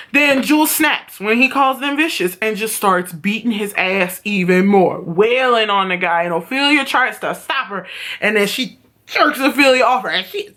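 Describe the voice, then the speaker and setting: A woman vlogger casually recapping a TV episode, telling it in an excitable, profane way. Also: mid-range voice, normal speed.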